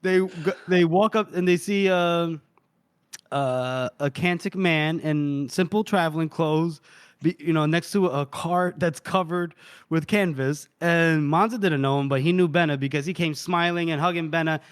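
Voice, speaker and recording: A man's voice: a little high, normal speed, clean tone. A man co-hosting a book podcast, casually retelling a chapter, swearing and laughing as he goes. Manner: laughing, swearing, acts out characters while retelling. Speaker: podcast co-host.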